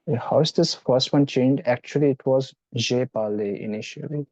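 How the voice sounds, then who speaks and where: A male student replies briefly and politely during an online lesson. His voice sits in an ordinary middle pitch. It comes through dull, lo-fi call audio. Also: moderate pace, darkish tone, no echo.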